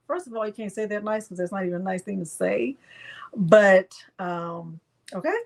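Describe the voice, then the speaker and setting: A middle-aged woman hosting a live craft software tutorial, chatting with viewers by name while she demonstrates. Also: fairly high pitch, fairly quick.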